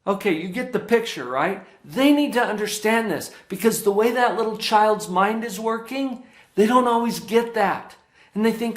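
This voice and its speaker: A man's voice: high-pitched, animated, moderate pace, roomy sound. A man giving a parenting workshop as a child psychologist, speaking emphatically and often checking in with his listeners.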